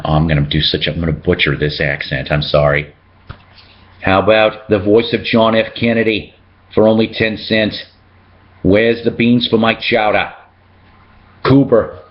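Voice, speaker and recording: Man, casual collector vlog, reads labels aloud, self-mocking jokes, dull lo-fi audio. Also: low-pitched. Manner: chatty, jokey, reads out record labels. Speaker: record collector host. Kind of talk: casual show-and-tell vlog.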